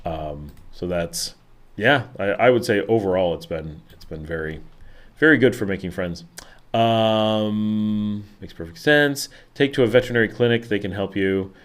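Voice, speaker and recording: A man's voice: fairly low pitch, normal speed. A middle-aged man with a Buffalo, Western New York accent, chatting casually on a live stream, rambling with many fillers and restarts. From Western New York, USA. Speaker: livestream host. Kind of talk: casual live-stream chat reading viewer comments.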